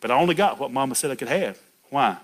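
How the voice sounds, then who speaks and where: A man's voice: medium pitch, expressive, fast talker. A middle-aged man preaching a folksy sermon, chatty and laughing, calling out to people in the pews by name.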